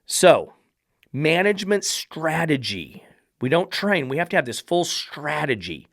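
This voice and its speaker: A man's voice: on the high side, sing-song, unhurried, a bit bright, no room sound. Blunt, sarcastic man with a dry sound. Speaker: dog trainer hosting a podcast. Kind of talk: commentary reacting to a read-out text.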